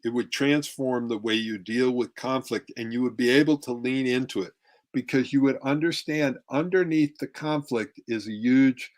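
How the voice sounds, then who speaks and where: A man's voice: medium pitch, moderate pace. Man coaching couples, demonstrative. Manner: demonstrative, acts out tones of voice. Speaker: relationship coach. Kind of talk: workshop talk with slides.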